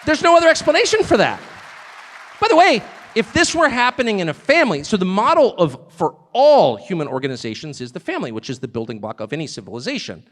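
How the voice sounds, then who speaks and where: A man's voice: high-pitched, very animated, fast talker, fairly bright tone, big-room sound, some chatter behind. A man giving a live stage speech, emphatic and joking, often drifting off on digressions. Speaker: guest speaker at a live event.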